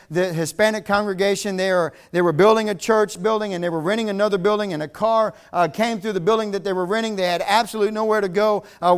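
A middle-aged man from Virginia, preaching a revival sermon in an earnest storytelling way. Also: high-pitched. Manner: earnest storytelling with bursts of laughter. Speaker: pastor.

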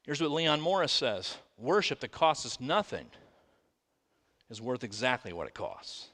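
Animated preaching man in a reverberant hall. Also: medium pitch, measured pace. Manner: lively preaching with rhetorical questions. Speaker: pastor. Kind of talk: sermon. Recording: long reverb of a large room.

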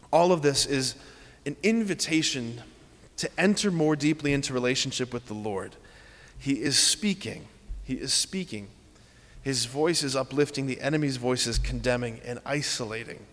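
A man's voice: medium pitch, a bit bright, in a large hall. A man preaching a sermon, earnest and repeating key phrases as he leads the congregation through simple exercises.

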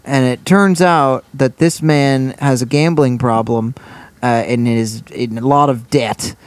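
A man co-hosting a podcast, casually recapping a TV episode in a rambling, animated way full of restarts. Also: medium pitch, a little slow, dry recording. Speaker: podcast co-host.

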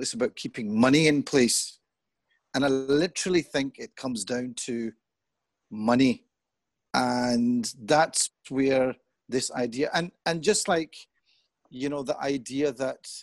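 A middle-aged man talking in an earnest, thoughtful way as an interview guest. He grows animated when he quotes other people. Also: medium pitch, no echo. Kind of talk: reflective conversation.

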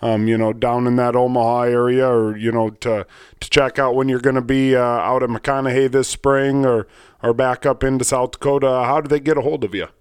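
A man hosting a casual fishing interview, laid-back and quick with short agreeing replies. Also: medium pitch, little pitch movement, clean tone, no echo, studio quality. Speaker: podcast host.

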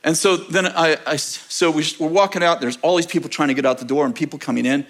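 A man with a high, light voice preaches through a personal story. He tells it in an animated way, laughter breaking into his words as he goes. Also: fast. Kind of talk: sermon testimony storytelling.

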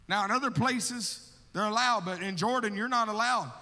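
A guest missionary preaches in a church sanctuary, his voice high and bright. He tells his story with lively energy, acting out his prayers and calling out "brother" to the congregation. A long reverb from the hall trails each phrase. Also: normal speed. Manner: calls listeners brother, laughs between stories. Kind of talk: storytelling sermon testimony.

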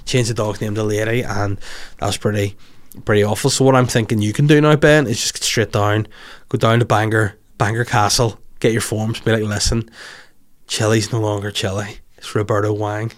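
A man's voice: on the low side, brisk. A young man with a Northern Irish accent, hosting a podcast and telling a rambling, crude story in casual chat. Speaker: podcast host.

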